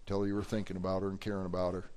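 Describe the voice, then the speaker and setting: A man voicing a calm male pastor in a sermon story, firm and steady as he gives instructions. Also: low-pitched, rapid-fire, voice pushed down, lightly acted.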